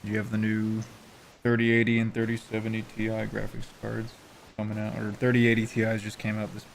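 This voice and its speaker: A man's voice: fairly low pitch, monotone, fairly quick, creaky, a little hiss or hum. A man in casual podcast chat, speaking in a matter-of-fact way.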